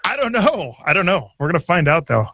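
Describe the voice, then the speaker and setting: A man hosting a podcast in a playful, teasing way, his voice a touch higher than most men's. He leads the talk with quick questions, and the sound is dry, with no room echo. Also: very animated, pushed and bright. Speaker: podcast host. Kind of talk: casual chat.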